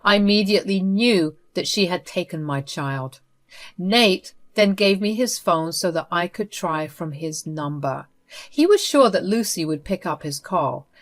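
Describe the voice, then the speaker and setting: A woman narrating a first-person story in an even, steady reading voice. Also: on the low side.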